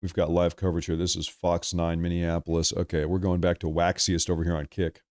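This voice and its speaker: A man's voice: deep voice, little pitch movement, fairly quick, a little mellow. A man hosting live political commentary on a stream, emphatic and repeating lines for effect, calling his viewers folks. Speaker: livestream political commentary host.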